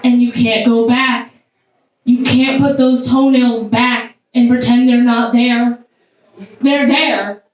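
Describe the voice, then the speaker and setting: A woman performing a stand-up comedy set, animated, with sudden high squeals. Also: takes it slowly. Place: comedy club stage. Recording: echoey club sound from far off.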